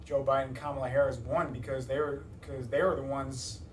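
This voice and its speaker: A man's voice: medium pitch, little pitch movement, fairly quick, slight background noise. Rambling young man, roomy distant sound. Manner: rambling, many fillers and restarts. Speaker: interviewee. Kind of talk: casual interview talk.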